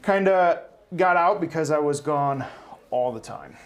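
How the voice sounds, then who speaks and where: A man's voice: fairly high pitch, expressive, unhurried. A man in his forties from South Dakota, a hospital CEO talking in a casual interview in an upbeat, humble way.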